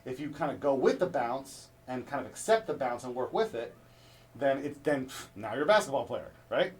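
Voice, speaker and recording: A man's voice: medium pitch, lively intonation, moderate pace, darkish tone. A male drum instructor giving a hands-on lesson, coaching step by step and checking in with "right?" after each point. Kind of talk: instructional demonstration. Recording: distant mic with clear background noise.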